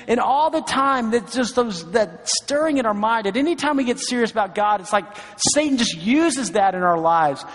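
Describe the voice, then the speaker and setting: A man's voice: very high-pitched, animated, moderate pace, hardly any pauses, a bit bright. A middle-aged male pastor preaching a sermon in a church, telling stories in an earnest, encouraging way with lots of asides. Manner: storytelling, earnest and encouraging, many asides like "right?" and "you know". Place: church sanctuary. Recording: long hall reverb.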